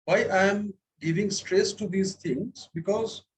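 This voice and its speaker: A man's voice: high-pitched, unhurried, rough recording. A man teaching a French class, patient, repeating words and checking that students follow. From India. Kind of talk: classroom lesson.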